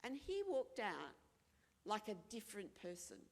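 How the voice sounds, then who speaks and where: In a large hall, an Australian woman shares candid personal talk at a forum, speaking a little slowly in a mid-range voice with vocal fry and huge pitch swings. She's frank and earnest, repeats phrases for emphasis, and acts out the voices of people she quotes.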